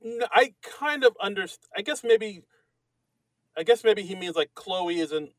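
A man's voice: high-pitched, animated, unhurried, dry recording. A man co-hosting a comedy podcast in casual chat, rambling and self-mocking with many restarts. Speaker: podcast co-host.

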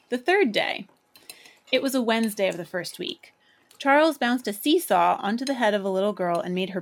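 Woman narrator, measured storybook reading, clear and even. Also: on the high side. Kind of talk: scripted narration of a short story.

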